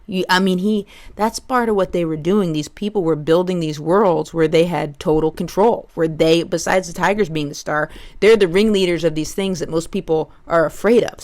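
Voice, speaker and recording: A woman in her thirties hosting a solo comedy podcast, riffing crudely and rambling from one tangent to the next. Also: fairly low pitch.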